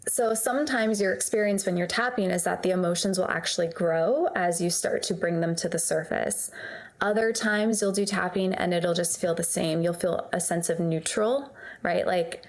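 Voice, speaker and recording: A woman guiding a tapping session in a calm, soothing way, then explaining it. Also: fairly low pitch, normal speed. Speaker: tapping practitioner, guest.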